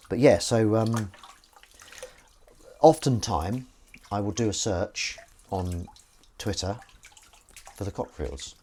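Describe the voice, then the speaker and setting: Taking it slowly and pausing often, a man with a warm, lowish voice chats wryly to his viewers while he washes dishes at his kitchen sink on a live-stream. The talk rambles casually, with slight background noise.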